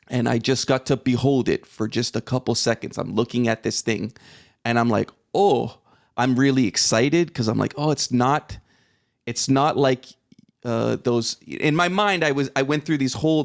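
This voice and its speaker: A man's voice: mid-range voice, creaky. A man around forty, a podcast guest, animatedly retelling a personal experience, acting out his own reactions and swearing now and then. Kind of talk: conversational storytelling.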